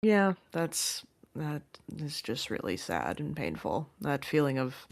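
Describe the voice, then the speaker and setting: A woman with a low voice co-hosts a podcast. She rambles through her thoughts with many fillers and restarts, in an easy, casual way. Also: very animated, slow pace, creaky. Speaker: podcast co-host. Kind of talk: casual recap chat.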